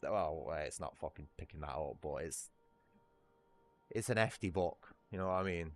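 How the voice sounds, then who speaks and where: A man with a northern Lancashire accent talks loosely to his livestream audience. His voice sits very low. He rambles, restarts and curses without a second thought. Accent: northern English, Lancashire. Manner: rambling, swears freely, laughs at himself. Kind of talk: casual livestream chat.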